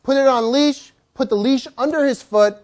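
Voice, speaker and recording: A man teaching a dog-training class, telling stories with lively, acted-out voices. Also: very high-pitched, normal speed. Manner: animated, acts out quoted voices. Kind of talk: storytelling lecture to a class.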